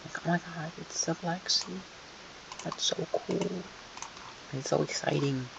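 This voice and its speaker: A man putting on a high, gushing voice, mocking a country's excitement with squealing fake delight. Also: a little slow, vocal fry, far from the mic. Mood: giddy. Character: gushing, giddy fan of a nation. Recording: muffled lo-fi mic, faint hiss.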